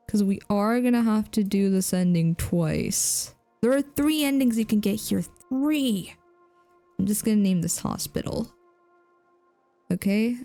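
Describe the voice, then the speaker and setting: A woman's voice: medium pitch, dark tone. A woman streaming a game, chatting playfully with viewers and laughing often. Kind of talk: casual game commentary.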